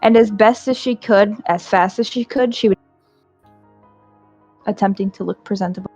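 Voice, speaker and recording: A woman's voice: mid-range voice, moderate pace, a little mellow, dry recording, lo-fi sound, faint music behind. A woman taking part in a tabletop role-play as a player, hesitantly describing her character's actions with fillers.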